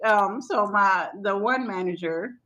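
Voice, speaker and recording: Podcast co-host, woman, bright forceful tone, animated casual storyteller who laughs easily. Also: medium pitch, measured pace. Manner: animated, laughing often, colloquial.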